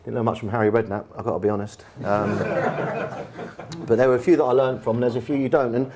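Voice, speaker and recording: An English football manager in a live on-stage conversation at a bar event, telling stories in a chatty, anecdotal way with plenty of fillers. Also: male voice, medium pitch, fairly quick, background noise. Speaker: football manager and guest speaker. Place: bar event room with an audience.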